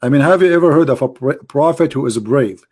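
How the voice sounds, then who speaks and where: A man's voice: medium pitch, fast talker, darkish tone, breathy edge. A man from the Arab world with an Arabic accent, hosting a live debate stream in casual talk. He mocks and fires off rhetorical questions in loose, broken English full of "like" and "brother".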